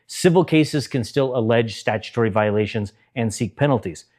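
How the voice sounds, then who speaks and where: A middle-aged man speaking straight to his viewers in earnest, deliberate commentary, weighing his words with care. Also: medium pitch, darkish tone. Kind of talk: direct-to-camera commentary.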